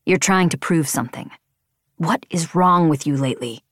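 A woman's voice: deep voice, normal speed, dry recording, clean studio sound. A woman voicing a stern young male flight leader who speaks firmly and lectures. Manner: firm, lecturing.

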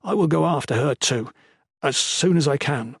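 A man's voice: a little high, lively intonation, normal speed, creaky, breathy edge, no echo, clean studio sound, heavily acted. Man playing a wounded stubborn young lord. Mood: weak strained. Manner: strained, weak.

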